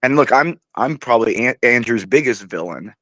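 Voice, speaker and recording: A slightly drunk man talking bluntly and rambling in casual podcast chat, with drawn-out repetitions. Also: medium pitch, lively intonation, bright, forceful tone, dry recording. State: tipsy.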